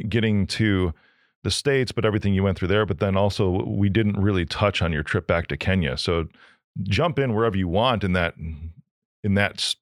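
A man hosting a podcast, talking casually with halting restarts as he interviews a guest. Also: sits low, no room sound, clean studio sound. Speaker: podcast host.

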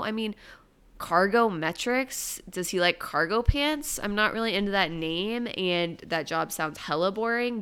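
A woman's voice: medium pitch, fairly bright tone, smooth. A young woman hosting a casual solo podcast, chatting breezily through news articles with jokey asides. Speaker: podcast host.

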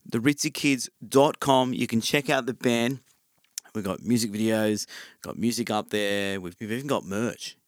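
A man's voice: lowish voice, normal speed, no echo, studio quality. A man with an Australian accent hosting a podcast, chatting casually with lots of ums. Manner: chatty, relaxed, many ums. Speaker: podcast host.

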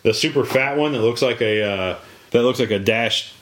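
A man's voice: mid-range voice, moderate pace, fairly bright tone. A man in casual chat, telling rambling stories with many fillers and restarts.

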